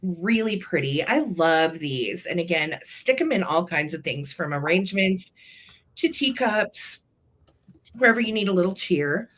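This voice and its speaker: This co-host of a live vintage sale has a lowish, expressive voice that's a little slow and a bit bright. She gushes sweetly over the pieces as she chats, pausing to clear a tickly throat.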